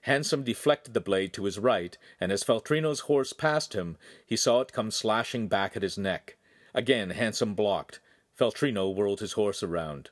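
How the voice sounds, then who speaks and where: A man's voice: fairly low pitch, normal speed, no room sound, clean studio sound. A man reading a young adult novel aloud as the narrator, telling an action scene vividly. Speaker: audiobook narrator. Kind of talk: scripted narration.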